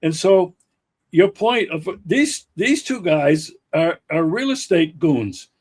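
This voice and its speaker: A man hosting a political talk show, speaking slowly and emphatically with frequent fillers and restarts. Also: a little high, big pitch swings, a little mellow, slightly rough. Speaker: podcast host. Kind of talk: political commentary chat.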